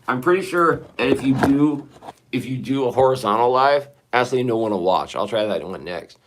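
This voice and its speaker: A man on a casual live stream from his bathroom, rambling and swearing to his viewers, his voice hoarse and shaky after singing. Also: medium pitch, animated, normal speed, background noise. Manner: rambling, profane, talking to chat. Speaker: livestreamer. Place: sitting in a bathroom.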